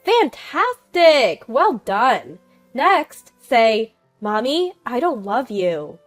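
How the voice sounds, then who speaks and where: Woman voicing loud cheering grandma, playful, bright, gleeful, storybook read, faint music behind. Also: on the high side, very animated, slow. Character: grandmother gleefully coaching a toddler.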